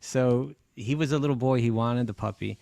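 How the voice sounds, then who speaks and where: A man's voice: mid-range voice, normal speed, creaky, warm tone, no echo. A man in casual conversation who teases his co-host and laughs easily. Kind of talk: casual chat.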